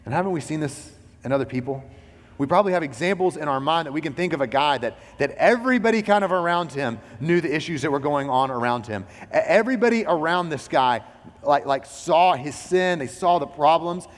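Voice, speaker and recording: A man's voice: a little high, expressive, brisk. Conversational male pastor preaching in a hall. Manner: conversational, frequent "like" and "you know". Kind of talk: sermon.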